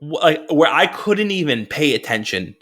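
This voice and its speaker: A man's voice: on the high side, sing-song, moderate pace, fairly bright tone. A man co-hosting a podcast, chatting casually and acting out his own reactions with laughs. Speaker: podcast co-host. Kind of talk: casual chat.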